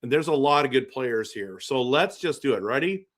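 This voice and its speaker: A man's voice: medium pitch, expressive, normal speed. Rambling man hosting a live stream. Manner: rambling, repeats himself, reads chat aloud. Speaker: livestream host. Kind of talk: casual live-stream chat and game reaction.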